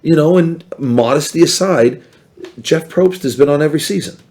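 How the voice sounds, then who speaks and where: A man chatting as a podcast guest, telling animated stories and acting out what other people said. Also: a little high, normal speed. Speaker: podcast guest, former reality show contestant. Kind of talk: casual storytelling chat.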